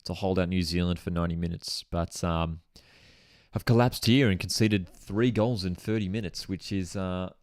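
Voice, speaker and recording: A man hosting a live football watchalong, reacting to goals with excitement and chatting to viewers as he reads their comments aloud. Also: low-pitched, normal speed, no echo, clean studio sound.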